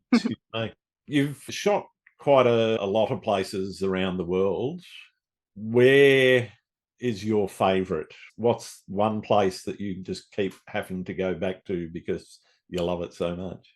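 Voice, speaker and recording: A man hosting a podcast interview, asking questions in a relaxed way and adding short affirmations. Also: on the low side, takes it slowly. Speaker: podcast host. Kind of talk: casual interview.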